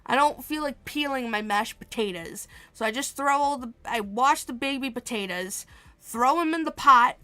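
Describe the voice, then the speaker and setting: A woman streamer in casual chat while gaming, animated and swearing freely as she rants. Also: high voice, moderate pace.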